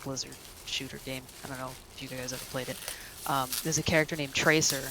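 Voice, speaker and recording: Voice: mid-range voice, flat delivery, quick pace, background noise. A gamer chatting casually and self-deprecatingly about accents. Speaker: gamer in voice chat. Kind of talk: casual chat.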